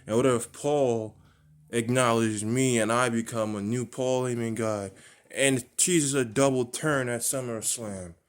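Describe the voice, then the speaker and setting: A man's voice: medium pitch, fairly even intonation, a little slow. A man rambling through a wrestling storyline he invented, full of restarts and repeated words. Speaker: wrestling fan booking storylines. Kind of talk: rambling fantasy booking monologue.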